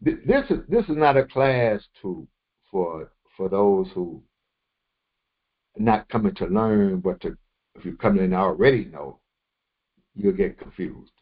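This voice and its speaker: A man teaching a verse-by-verse Quran commentary lesson, explaining slowly with repetitions and quoted Arabic terms. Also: deep voice, expressive, breathy edge. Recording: dull lo-fi recording.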